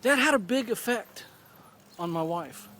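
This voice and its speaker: A man in his forties talking earnestly and thoughtfully in a personal video blog, pausing and restarting as he goes. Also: high-pitched, animated, a bit bright, slight background noise. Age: 40s. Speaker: vlogger. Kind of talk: reflective personal vlog monologue.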